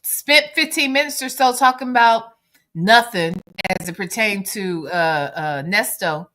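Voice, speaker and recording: A woman co-hosting a casual commentary show, talking emphatically and agreeing quickly. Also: mid-range voice, sharp tone. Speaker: show host.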